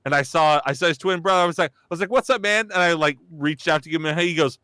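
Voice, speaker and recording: Bright, crisp-voiced man telling animated stories. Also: on the high side, racing, dry recording, clean studio sound. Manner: animated storyteller acting out quoted voices. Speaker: comedian and voice actor. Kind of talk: casual storytelling chat.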